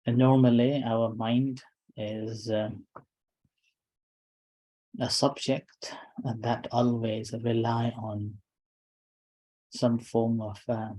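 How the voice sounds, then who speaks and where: Slow, mellow-voiced male meditation teacher. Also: mid-range voice, level tone, poor audio. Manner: unhurried, speaks in short phrases with pauses. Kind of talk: calm dharma talk.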